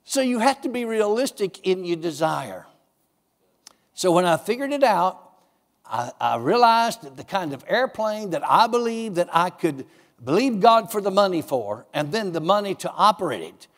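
A man preaching a sermon, telling stories and acting out his own dialogue with God in a raised, lively voice. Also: high-pitched, moderate pace, in a large hall. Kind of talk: sermon with storytelling.

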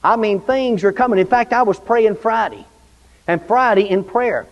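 A man's voice: high voice, lively intonation, moderate pace. A man preaching a sermon in a church, fervent and repetitive, often calling out for amens. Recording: dull lo-fi recording with long church reverb.

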